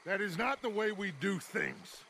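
An actor playing gruff male outlaws in video game dialogue, heard from the game's audio. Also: high voice, expressive, normal speed, slight background noise, heavily acted. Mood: urging. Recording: game audio under a loud stream.

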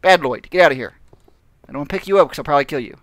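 A man's voice: fairly high pitch, very fast, fairly bright tone, no echo. Rambling man narrating his gameplay. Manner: rambling, self-mocking, laughs often. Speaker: gaming channel host. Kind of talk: casual gameplay commentary.

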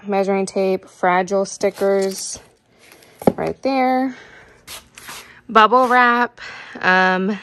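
A woman's voice: medium pitch, a bit bright. A young woman giving a casual, rambling tour of her basement candle studio, chatty and full of fillers, a little out of breath. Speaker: candle business owner.

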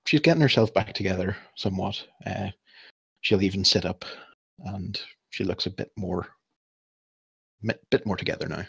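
A man running a tabletop game as game master, narrating scenes in a relaxed way. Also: low voice, normal speed, vocal fry, long pauses, breathy edge, no echo. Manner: relaxed, laughing narration with fillers.

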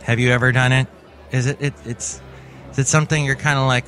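A male podcast host chats in a playful, rambling way at a middle pitch. He drifts between silly banter and reading a news item, with music faintly behind him. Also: steady tone, fairly quick, a bit bright. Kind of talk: comedic solo podcast with news segment.

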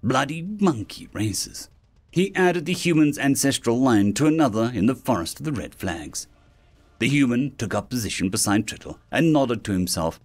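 A man narrating a science-fiction story in an expressive storytelling manner. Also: medium pitch, normal speed, faint music behind. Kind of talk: scripted sci-fi story narration.

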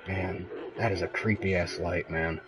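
A young man commenting live on a horror game, jumpy and profane, moving between hushed muttering and high-pitched yelps. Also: steady tone, a little slow, music in the background, low-quality recording. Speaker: gaming host playing a horror game.

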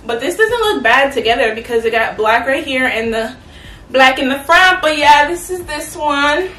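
Chatty high-voiced young woman in a roomy space. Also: lively intonation, moderate pace, a bit bright. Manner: chatty, playful, talks straight to viewers. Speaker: fashion vlogger. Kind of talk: casual try-on haul chat. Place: at home, in an echoey room. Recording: roomy, from a distance.

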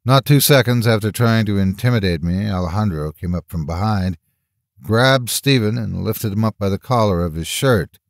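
A man narrating a first-person horror story in a measured storytelling voice. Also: lowish voice, no room sound, clean studio sound.

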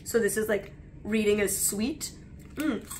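A woman's voice: mid-range voice, measured pace, a little mellow, a little hiss or hum. A young adult woman vlogger chatting casually while taste-testing snacks, talking in a loose, rambling way full of "like". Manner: chatty, leans on "like" as filler.

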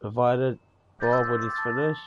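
A man's voice: medium pitch, fairly even intonation, unhurried, lo-fi sound, over music. A man from New Zealand with a New Zealand accent, chatting casually in a game's voice chat, rambling, swearing freely and tagging on "eh" and "bro". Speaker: gamer in voice chat.

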